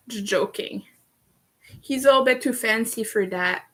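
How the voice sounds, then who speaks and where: Slow-talking giggly woman streamer. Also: on the high side. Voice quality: slips into vocal fry. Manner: chatty and giggly, laughs often. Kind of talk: casual livestream chat.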